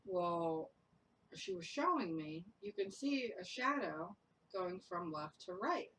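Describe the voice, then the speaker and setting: A young woman and paranormal investigator telling a ghost story in casual group chat, lively, laughing often and acting out what people said. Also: on the low side, slow. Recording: distant mic with faint noise.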